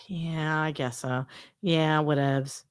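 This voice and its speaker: A woman around forty chatting casually on a livestream, animated and full of fillers. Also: deep voice, very slow.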